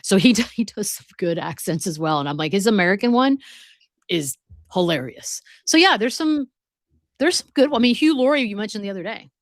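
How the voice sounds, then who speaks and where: A woman co-hosting a podcast in rambling casual chat, full of quick asides. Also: medium pitch, lively intonation, no echo, studio quality. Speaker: podcast co-host.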